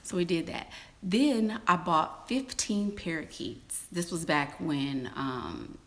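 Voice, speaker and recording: Woman vlogger, lower pitch, chatty storyteller who acts out quotes in squeals and whispers. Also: lively intonation, slow, fairly bright tone. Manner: chatty, addresses viewers as y'all and girl. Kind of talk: casual storytelling to viewers.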